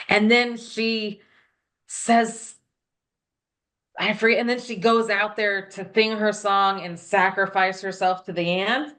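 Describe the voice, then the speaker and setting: A woman chatting casually about a film, animated and acting out scenes as she retells them. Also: medium pitch, takes it slowly, long pauses. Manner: animated, acts out characters in quotes. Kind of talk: casual movie review chat.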